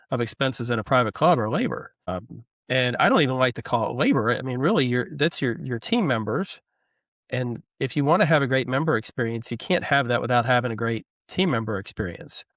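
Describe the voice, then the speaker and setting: A man's voice: mid-range voice, a bit bright, dry recording, clean studio sound. A middle-aged man speaking as an interview guest, earnest and enthusiastic about his work. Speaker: guest, hospitality and club leader. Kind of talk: conversational interview.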